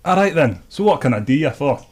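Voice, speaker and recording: A man voicing a gruff middle-aged dwarf artificer who runs a shop, talking in a hearty, chatty manner. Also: fairly high pitch, big pitch swings, a little fast, darkish tone, faint music behind. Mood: friendly. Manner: hearty, chatty, says aye a lot.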